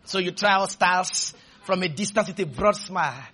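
A man preaching a sermon, leading the congregation in call-and-response with shouted refrains, then dropping into quiet, humorous storytelling. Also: high voice, normal speed, slightly rough.

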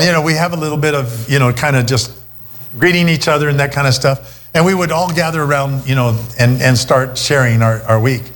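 Middle aged guy preaching, chatty storyteller, lots of restarts, slightly high voice. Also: fairly bright tone. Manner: storytelling, conversational, many restarts. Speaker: pastor. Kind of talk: sermon.

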